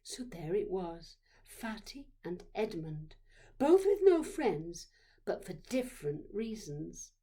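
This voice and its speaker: A woman narrating a childhood memoir story, expressive and dropping to dramatic whispers. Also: fairly low pitch, slow, slightly rough.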